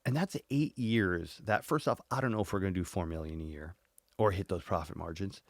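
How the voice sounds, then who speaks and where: A man in his forties, a podcast guest, telling his story in a lively way and acting out his inner dialogue. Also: deep voice, fairly quick, dry recording, studio quality. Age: 40s. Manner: animated, acts out inner dialogue, swears casually.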